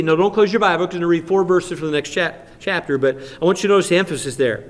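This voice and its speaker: A man's voice: on the high side, fast, few pauses. Man preaching in a reverberant church. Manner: conversational, rises to fervent emphasis when reading Scripture. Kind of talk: sermon. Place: church sanctuary.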